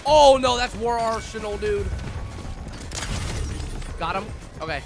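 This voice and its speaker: Hyped high-voiced young gamer guy. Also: lively intonation, slow, faint music behind. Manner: hyped, slangy, talks to opponents. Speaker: gaming YouTuber. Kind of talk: excited gameplay commentary.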